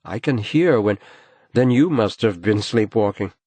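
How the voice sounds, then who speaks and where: A man's voice: fairly low pitch, expressive, unhurried, a little mellow, no room sound, pitched above the performer's own voice. A man reading an irritable, dismissive husband. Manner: patronizing, brushing things off.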